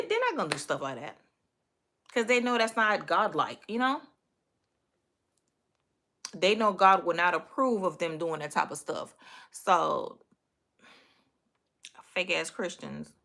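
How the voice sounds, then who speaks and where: A woman's voice: medium pitch, sharp tone. A young woman from Miami, with a Miami accent, talking bluntly and cussing freely as she rants and chats with viewers on her livestream. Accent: Miami, Southern US. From Miami, Florida. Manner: profane, blunt, trash-talking. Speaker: livestream host. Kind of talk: casual livestream rant to viewers.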